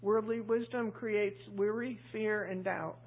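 A woman's voice: medium pitch, steady tone, unhurried, breathy edge. A woman preacher giving a chatty, conversational sermon, asking the congregation questions and acting out voices. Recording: tinny phone-like audio.

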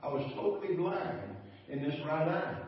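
A preacher putting on an older woman, excited and apologetic, her voice pitched well above his own and pushed loud. She comes through a dull, roomy church hall from far off the mic. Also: normal speed, natural voice. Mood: astonished. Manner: loud, high and exclaiming.

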